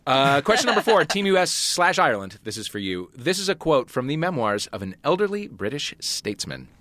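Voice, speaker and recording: A man hosting a comedy panel quiz, joking in quick asides and laughing at his own lines. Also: medium pitch, very animated, a bit bright. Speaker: quiz host.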